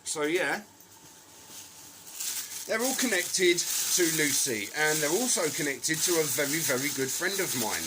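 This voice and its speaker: A man's voice: a little high, lively intonation, measured pace, noisy background. A man in a rambling monologue, ranting angrily and swearing as he accuses people. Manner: angry, profane, accusatory ranting.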